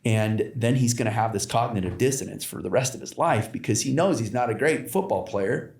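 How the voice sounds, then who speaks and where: A man's voice: mid-range voice, brisk, a little mellow. A man talking as a podcast guest, telling stories in a rambling way with many fillers and restarts. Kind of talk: casual conversation. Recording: roomy echo.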